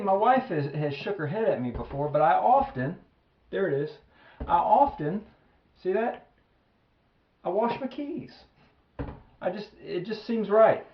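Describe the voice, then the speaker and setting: A man's voice: on the high side, muffled recording. A man vlogging in a casual, folksy way, chatting straight to his viewers about chores around the house. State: out of breath at times. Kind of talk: casual home vlog.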